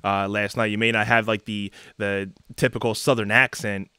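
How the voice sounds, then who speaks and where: Male podcast host with a bright, resonant mid-range voice, easygoing and filler-heavy. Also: lowish voice, level tone, normal speed, clear, resonant tone, dry recording. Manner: rambling questions full of fillers. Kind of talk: casual interview chat.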